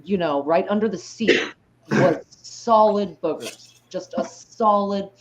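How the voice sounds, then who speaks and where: A woman's voice: medium pitch, slow pace. A middle-aged woman chatting on a stream and telling a blunt, crude story for laughs. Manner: blunt, joking, crude humor. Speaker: stream guest. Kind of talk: casual chat. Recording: muffled lo-fi mic, faint noise.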